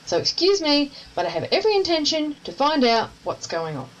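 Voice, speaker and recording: A woman's voice: high voice, rough recording. An actress with an Australian accent playing a spirited, blunt young woman in an audio drama. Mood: determined. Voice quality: brisk, bossy, lively. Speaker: companion character in an audio drama.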